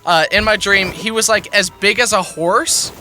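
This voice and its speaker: A young man co-hosting a casual chat, telling a dream story in an excitable, expressive way. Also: sits high, normal speed, slight background noise. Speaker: podcast co-host. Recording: clear music under the voice.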